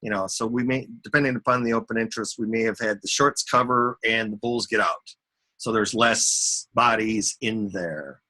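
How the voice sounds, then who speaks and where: Man, bright forceful voice, casual rambling chart talk, chatty. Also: fairly low pitch, steady tone, moderate pace. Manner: rambling, chatty, talks to himself and viewers. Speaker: market commentator.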